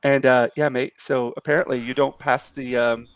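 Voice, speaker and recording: A man's voice: mid-range voice, level tone, normal speed, smooth, no echo. A man hosting a live art stream, telling stories in a rambling, easygoing way. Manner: rambling, many fillers and restarts. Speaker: stream host. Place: home, lives in Japan.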